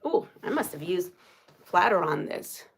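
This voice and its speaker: A woman's voice: on the low side, very animated, measured pace, vocal fry, breathy edge. A woman hosting a casual livestream, chatting and laughing with viewers. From United States. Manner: chatty, laughs often, reads viewer comments aloud. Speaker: livestream host.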